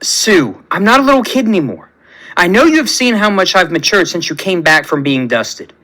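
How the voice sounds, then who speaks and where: A man's voice: high-pitched, sing-song, moderate pace, pushed and bright, full character voice. A man reading a fan story aloud, voicing a cocky, lonely young man in a chatty, pleading way.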